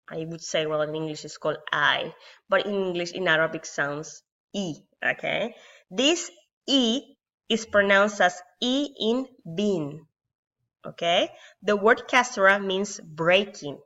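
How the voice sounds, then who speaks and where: Slow, bright-voiced woman teaching Arabic. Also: on the low side. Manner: patient, explains slowly with many checks like okay and yeah. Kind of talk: beginner language lesson. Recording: dull lo-fi sound.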